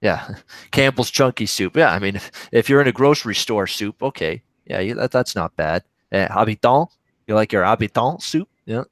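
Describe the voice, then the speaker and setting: A man's voice: fairly low pitch, expressive, moderate pace, no room sound. A Canadian man hosting a betting livestream, chatting loosely with viewers and reacting to games as they play out. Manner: rambling, reacting live to games. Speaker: sports betting show host. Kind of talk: casual livestream chat reading viewer questions.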